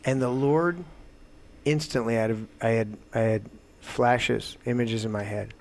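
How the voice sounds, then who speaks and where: A man hosting a talk show, delivering a heated, profane political rant that swings into loud outbursts. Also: medium pitch, fairly even intonation, unhurried. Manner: profane, emphatic, swings to shouting. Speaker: show host.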